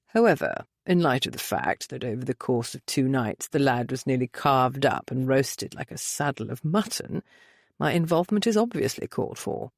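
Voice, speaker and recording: A woman voicing a calm, commanding older male duke who speaks flatly and with dry authority. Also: extremely low pitch, normal speed, vocal fry, no room sound, voice pushed down, full character voice.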